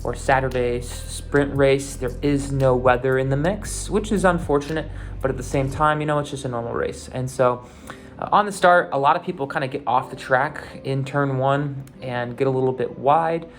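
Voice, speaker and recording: A man's voice: mid-range voice, normal speed, soft background music. A man hosting a show, giving a loose, unscripted recap of a car race, with lots of fillers and restarts. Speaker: podcast host recapping a race.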